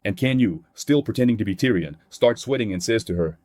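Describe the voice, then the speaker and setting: A man's voice: fairly low pitch, lively intonation, a little fast, hardly any pauses, a little mellow, no echo, clean studio sound. A man narrating a comic recap in a plain scripted read, voicing characters' quotes in his own voice.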